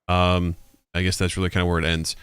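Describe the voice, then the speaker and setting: Man, podcast co-host, casual chat, animated storytelling, swears freely, bright voice. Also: low-pitched, fast, clean tone, no room sound.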